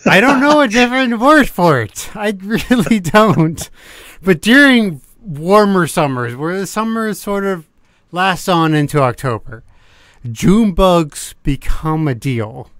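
A man's voice: sits high, expressive, slow pace, fairly bright tone, dry recording. A man from the American South co-hosting a podcast, rambling casually with frequent laughs and the odd curse. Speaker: podcast co-host. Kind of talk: casual chat.

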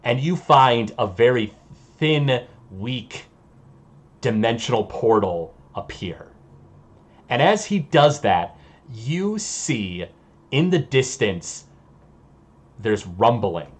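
A husky man narrates a tabletop adventure as game master. He talks slowly and deliberately, with an animated pitch that rises and falls, pausing to find his words. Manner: slow, deliberate, searching for words.

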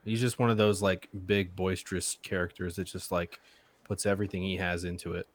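A man in a casual movie chat, relaxed and easygoing. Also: low voice, brisk, dry recording.

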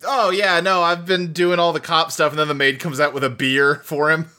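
A man's voice: a little high, little pitch movement, normal speed, bright, forceful tone. A man co-hosting a casual podcast chat, laughing often and slipping into mock British accents. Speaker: podcast co-host.

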